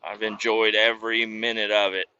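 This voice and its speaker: A truck driver talks from his cab in a loose, rambling way, cursing freely at his failing engine. His voice is bright and forceful, and the recording sounds dull and lo-fi. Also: fairly low pitch, little pitch movement, normal speed, clear, resonant tone, dry recording. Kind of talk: casual vlog while driving.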